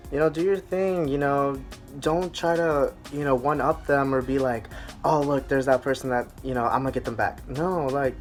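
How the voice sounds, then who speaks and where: A young man as a guest in casual chat, talking in a relaxed, reflective way with many "you know" fillers. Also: mid-range voice, normal speed, faint music behind.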